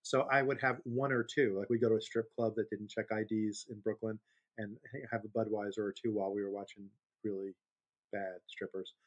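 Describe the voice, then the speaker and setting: A man's voice: on the low side, level tone, brisk, dull audio. A man in his fifties, co-hosting a podcast, telling long rambling stories in casual chat and laughing easily. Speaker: podcast co-host.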